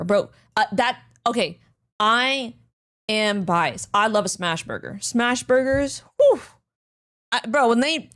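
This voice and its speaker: A young woman hosting a casual stream watchparty, excitable and swearing freely as she reacts. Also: fairly high pitch. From Canada.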